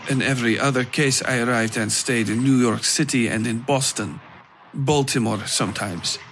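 A man doing a stiff, formal foreign gentleman. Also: medium pitch, normal speed, a little hiss or hum, natural voice. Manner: formal, stiff and easily flustered.

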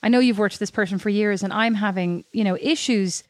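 Podcast co-host: woman, quick animated chatter, dry close sound. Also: medium pitch, dry recording. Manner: chatty, animated, many restarts. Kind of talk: casual chat.

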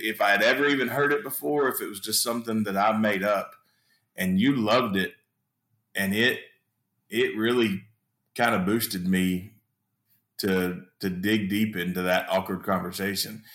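A man with a fairly low voice talks casually as a podcast guest. He restarts and repeats words as he thinks. His audio carries a roomy echo. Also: pushed and bright. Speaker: sales trainee guest. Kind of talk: casual chat.

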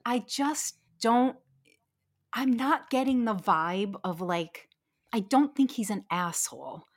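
Lively, musing woman co-host. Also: a little high, takes it slowly. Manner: musing, hesitant, lots of "like". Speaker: podcast co-host. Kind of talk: casual recap chat.

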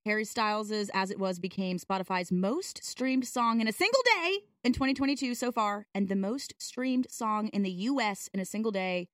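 A woman chatting on a podcast, talking quickly and enthusiastically and poking fun at herself. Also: mid-range voice, a bit bright, dry recording, clean studio sound, far from the mic. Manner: quick, enthusiastic, self-mocking. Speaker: podcast regular. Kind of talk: casual chat.

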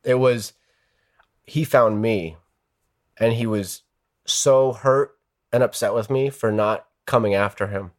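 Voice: mid-range voice, slow pace, long pauses. An interviewee recalling painful dreams in an open, reflective way, laughing through the hard parts. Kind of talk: emotional personal recollection.

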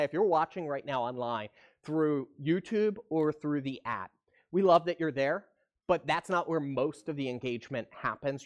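A man preaching to an online congregation in a relaxed, conversational way, his voice sitting a little higher than most men's. He keeps asking his viewers questions and urging them to answer. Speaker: pastor. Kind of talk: livestreamed sermon.

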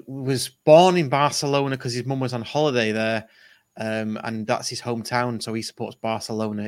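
A man hosting a casual football podcast, rambling and restarting his sentences as he chats. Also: medium pitch. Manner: rambling, restarts often, chuckles. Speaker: podcast host.

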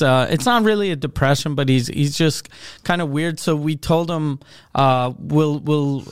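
Smooth-voiced easygoing man. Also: on the high side, dry recording, studio quality. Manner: easygoing, halting with fillers. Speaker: podcast co-host. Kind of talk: casual chat.

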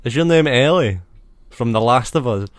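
A man trading jokes on a comedy podcast, with a mid-range voice and a dry, close sound. He is playful and quick to laugh. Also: mid-range voice, lively intonation, dry recording. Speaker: podcast co-host, game master. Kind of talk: casual comedic banter.

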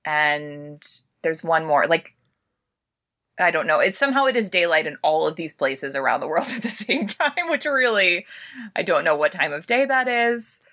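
A woman's voice: low voice, sing-song, normal speed, bright, forceful tone. A woman discussing a movie in casual podcast chat, wry and laughing often.

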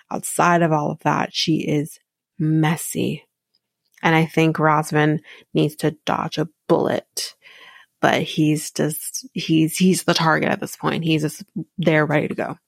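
A woman hosts a podcast and gives a blunt, opinionated recap of a reality show, swearing freely as she goes. Her voice sits low, and she talks slowly and deliberately. The sound is close and dry, with no room echo. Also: little pitch movement, gravelly. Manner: candid and opinionated, swears freely, quotes people in a higher voice. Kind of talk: casual recap commentary.

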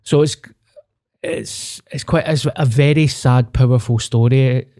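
A man's voice: medium pitch, steady tone, unhurried, warm tone, no room sound, studio quality. A young Scottish man co-hosting a podcast, talking candidly and animatedly with plenty of swearing. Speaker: podcast co-host. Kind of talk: casual chat.

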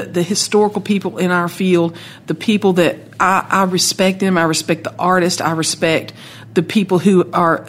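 A woman telling stories in a lively, talkative way as a country music guest in a casual chat. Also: fairly low pitch. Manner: lively, talkative, animated storyteller.

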